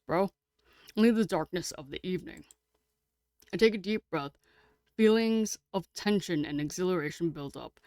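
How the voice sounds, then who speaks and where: A woman streamer reading a game aloud and chatting with her viewers, excitable and casually swearing. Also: lowish voice, no room sound, studio quality.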